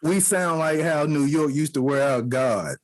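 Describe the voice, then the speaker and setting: A man's voice: on the high side, measured pace, slight background noise. A man co-hosting a podcast, telling stories in a casual chat, acting out the people in them and laughing often. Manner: animated storytelling, mimics voices and laughs often. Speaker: podcast co-host.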